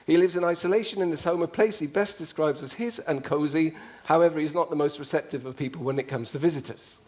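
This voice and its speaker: A man's voice: a little high, fast talker. A man with an English accent giving a witty, conversational public talk to an audience. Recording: played from a video.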